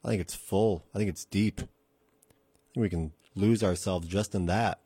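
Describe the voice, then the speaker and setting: A man's voice: deep voice, fairly even intonation, normal speed, warm tone, slightly rough, dry recording. A man hosting a radio podcast, preaching in an earnest, conversational way and repeating phrases for emphasis. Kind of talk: casual radio sermon. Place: radio studio.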